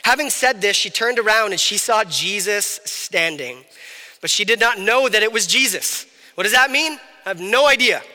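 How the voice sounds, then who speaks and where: A man's voice: high voice, lively intonation, moderate pace, bright, forceful tone, in a large hall. A man preaching a sermon as a pastor, in a conversational way that acts out the people in the story. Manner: conversational, acts out biblical characters.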